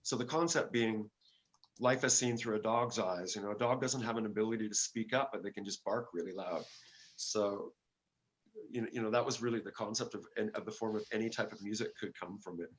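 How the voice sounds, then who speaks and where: An older man with a low voice, a guest musician, talks casually in an interview. He speaks haltingly, with frequent fillers and restarts as he works through his stories.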